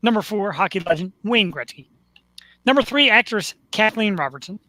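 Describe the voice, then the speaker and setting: Male talk-show host, bright tone, dry close sound, self-mocking jokes and announcer patter. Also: sits high, lively intonation, moderate pace, no room sound. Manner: joking, self-deprecating, announcer-like. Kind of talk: live online talk show.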